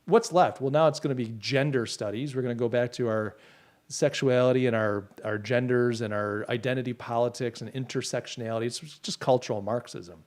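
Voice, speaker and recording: A man's voice: mid-range voice, fairly even intonation, brisk. A middle-aged man hosting a podcast, rambling through opinions and reading out viewer comments in casual livestream talk. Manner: opinionated, rambling, many restarts. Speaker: podcast host.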